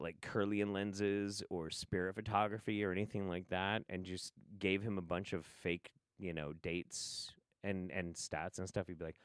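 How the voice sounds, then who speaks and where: A man's voice: low-pitched, a bit bright, no room sound, studio quality. A man doing casual livestream commentary on clips, sarcastic and profane. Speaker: streamer reacting to clips. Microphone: studio mic.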